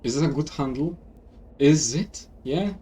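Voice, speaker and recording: A man's voice: on the high side, a little slow, warm tone, slight background noise. A man, a native Polish speaker, doing casual, wry let's-play commentary while reading game lines aloud. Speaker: streamer.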